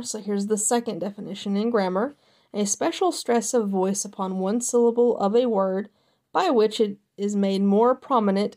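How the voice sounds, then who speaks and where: A woman's voice: mid-range voice, mellow. A woman reading encyclopedia entries aloud as host, careful and sometimes stumbling over words, with casual asides between entries.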